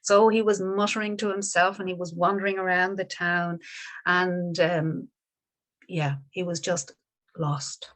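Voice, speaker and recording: A woman, a Buddhist teacher telling a story in a dharma talk, gentle and unhurried with small restarts. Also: fairly low pitch, fairly even intonation.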